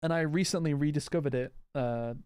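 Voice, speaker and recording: Male gaming creator, casual chatter, slightly high voice, clean and resonant. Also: fairly quick, darkish tone, clean tone, no room sound. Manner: rambling, answers chat, restarts often. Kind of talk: casual live gameplay chat.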